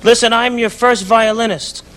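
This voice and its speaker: A man putting on a fussy older male violinist with a London accent, who speaks haltingly with false formality. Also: very high voice, fairly even intonation, fairly bright tone, voice pushed up. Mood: mock-formal.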